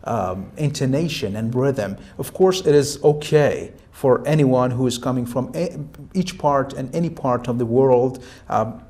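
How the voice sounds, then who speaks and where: Male examiner, mid-pitched, calm and instructive, hesitant with lots of fillers. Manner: hesitant, many fillers and restarts. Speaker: IELTS speaking examiner. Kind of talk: spoken feedback to a student.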